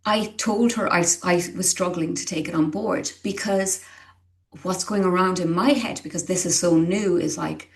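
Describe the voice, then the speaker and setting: A woman's voice: medium pitch, moderate pace. A middle-aged woman, a parent, speaking candidly and earnestly as an interview guest, often restarting her sentences as she searches for words. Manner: earnest and emotional, with frequent restarts and hesitations. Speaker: guest, parent of a child with dyslexia.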